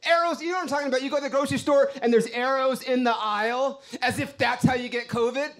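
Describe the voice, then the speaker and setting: A man's voice: very high voice, fairly even intonation, fast talker, a bit bright. A man doing a brash, profane stand-up set on a club stage, ranting to the crowd. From Los Angeles. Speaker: stand-up comedian.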